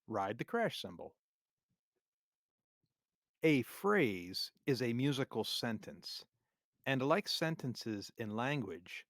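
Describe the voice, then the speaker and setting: A man teaching music theory for drummers in a scripted, measured, clearly explained lesson narration. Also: medium pitch, fairly bright tone, no room sound, studio quality. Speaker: drum teacher.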